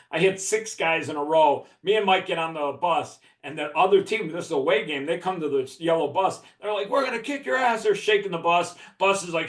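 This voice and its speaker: With a slightly high, somewhat bright voice, a man from the Chicago area laughs as he tells a profane story in a casual podcast chat, where he's the guest. The recording carries room echo.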